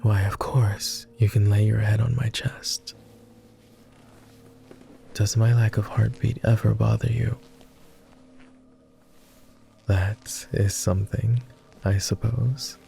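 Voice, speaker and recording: A man playing a posh gravelly vampire, whispered role-play. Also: little pitch movement, a little hiss or hum, exaggerated voice. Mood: wistful. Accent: posh British. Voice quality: low, gravelly and soft. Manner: slow, gentle and teasing. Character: jaded immortal male vampire, tender and teasing.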